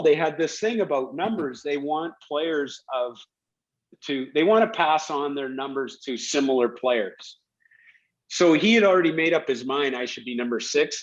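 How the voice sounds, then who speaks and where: A middle-aged former hockey player tells stories casually in an interview, animated and laughing as he acts out the quotes. His voice is on the high side, and the sound is lo-fi.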